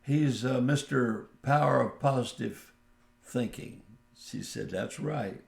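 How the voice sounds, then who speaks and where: Gravelly male radio preacher, unhurried anecdotal delivery in a roomy space. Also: mid-range voice. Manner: slow, folksy anecdotal telling with quoted dialogue. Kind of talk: radio sermon storytelling.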